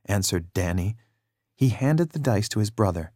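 A man narrating a children's storybook in a steady, measured read-aloud manner. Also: on the low side, no echo.

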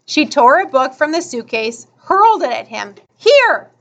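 A woman reads a children's story aloud at an unhurried pace, her high voice rising and falling with expression. The recording is slightly muffled and dull. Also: animated. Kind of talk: children's book read aloud.

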